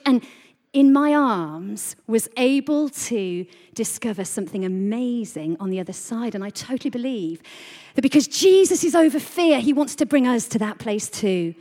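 A woman giving a lively sermon to a congregation, telling a story with animated delivery and questions to the audience. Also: fairly high pitch. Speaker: preacher. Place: church hall. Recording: reverberant hall.

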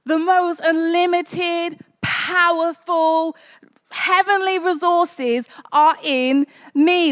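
Very high-voiced woman preacher. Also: a bit bright. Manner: conversational and jokey, building to fervent exclamations. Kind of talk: sermon. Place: church.

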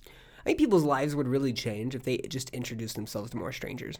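A man's voice: medium pitch, a little fast, a little mellow. A man in a laid-back talk show, a stand-up comic by trade. He cracks jokes and teases his co-host in easy conversation. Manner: teasing, joking banter. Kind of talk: casual chat.

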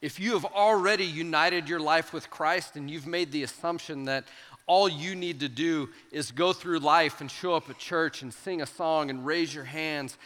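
A youth pastor preaching a sermon to students, animated and emphatic, acting out the voices in the stories he tells. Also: on the high side, moderate pace. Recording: long hall reverb with soft guitar.

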